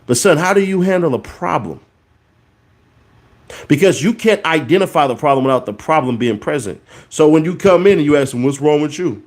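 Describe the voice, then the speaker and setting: A man's voice: on the high side, lively intonation, fairly quick. A man in his thirties hosting a podcast, giving a casual, preachy monologue and repeating words for emphasis. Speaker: podcast host.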